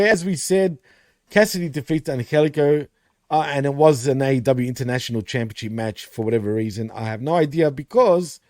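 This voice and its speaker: A man's voice: fairly high pitch, a little mellow, no echo, clean studio sound. A man co-hosting a casual wrestling recap show, laughing often and swearing, calling his co-host dude and bro.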